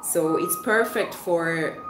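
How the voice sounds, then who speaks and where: A woman's voice: fairly low pitch, slow pace, roomy sound, noisy background. A woman from Switzerland hosting a casual livestream, reading viewer comments and explaining at length with fillers and restarts. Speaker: livestream host reading chat. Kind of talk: casual live chat.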